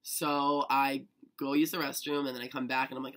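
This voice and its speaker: A young man chatting to camera, eager and excitable, packing his talk with "like". His voice has a gravelly fry under it and a bright, tense tone. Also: mid-range voice, fairly quick. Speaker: vlogger. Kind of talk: casual storytelling to camera.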